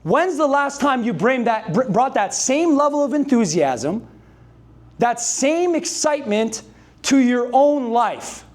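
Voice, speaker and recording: High-voiced hype man coaching a sales crowd. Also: takes it slowly. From Canada. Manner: energetic, hype-driven, calls on the audience to answer and repeat. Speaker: sales trainer. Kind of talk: motivational speech to a live sales team. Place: dealership meeting room with a live audience.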